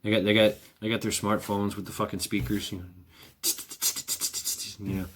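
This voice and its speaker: A man's voice: fairly low pitch, little pitch movement, moderate pace, fairly bright tone, slight background noise. A man talking in a casual, rambling monologue, sardonic and profane, chuckling often. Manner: wry. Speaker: vlogger.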